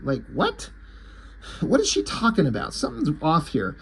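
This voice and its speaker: A man with a slightly husky voice casually recaps a comic, excited and swearing freely. His pitch sits a little high for a man. He switches between narration and reading out the characters' lines. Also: moderate pace. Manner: casual, profane, enthusiastic. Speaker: comic book reviewer.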